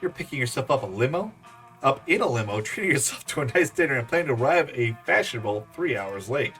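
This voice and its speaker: A man hosting a let's-play, reading game text aloud in an animated, playful way. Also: mid-range voice, fast, faint music behind. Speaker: gaming channel host.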